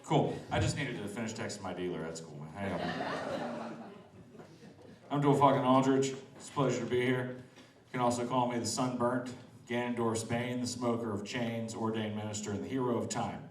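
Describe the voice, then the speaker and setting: A man's voice: mid-range voice, normal speed, echoey room, distant mic. A man doing a loose, laughing stand-up set outdoors, teasing the crowd. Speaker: stand-up comedian. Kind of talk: open-mic stand-up set. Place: outdoors in front of a restaurant.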